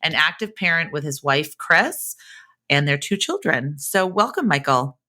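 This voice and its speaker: Bright-voiced enthusiastic woman podcast host. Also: deep voice, very animated, unhurried. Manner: upbeat, enthusiastic. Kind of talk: podcast interview.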